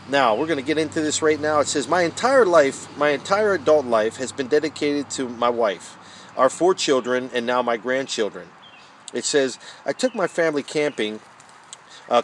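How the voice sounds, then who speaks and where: A man's voice: medium pitch, slight background noise. A man preaching a devotional Bible study outdoors under a tent, fervent and emotional, calling listeners "guys" and "man". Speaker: street preacher.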